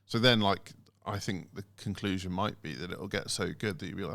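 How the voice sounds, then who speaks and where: A man co-hosting a casual podcast, animated and lively, breaking into mocking imitations of automated phone messages. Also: deep voice, fairly quick, creaky, no echo. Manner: animated, mimics phone recordings in sing-song voices. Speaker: podcast co-host.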